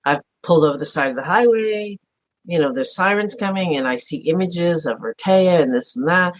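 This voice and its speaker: A woman's voice: on the low side, expressive, normal speed, slight background noise. Earnest middle-aged woman, lo-fi sound. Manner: earnest, soft-spoken, thinking aloud. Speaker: podcast guest. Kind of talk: reflective personal conversation. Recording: dull lo-fi audio.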